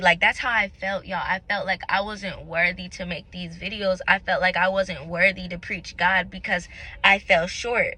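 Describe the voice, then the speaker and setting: Earnest young woman, bright voice. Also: mid-range voice, steady tone, normal speed, rough recording. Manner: earnest, candid and searching. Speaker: faith vlogger. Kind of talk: casual confessional talk to camera.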